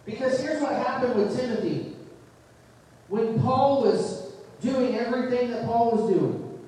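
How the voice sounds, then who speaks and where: A middle-aged male preacher with a fairly high voice, speaking to a congregation in a relaxed storytelling way. He is picked up from a distance, so his words ring through a large, echoing hall with a long tail of reverb. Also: slight background noise. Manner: conversational storytelling, rising emphasis on key points. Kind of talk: sermon with a personal story. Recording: echoey hall, distant mic.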